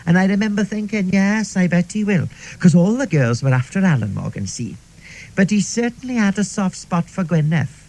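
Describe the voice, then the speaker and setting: A chatty middle-aged Welsh woman, voiced by a man, tells her stories in a radio comedy monologue. Her voice sits high, with a gravelly fry at the edges. She rambles in a confiding way and peppers her talk with "like" and "see". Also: sing-song, normal speed, a little mellow, heavily acted, low-quality recording.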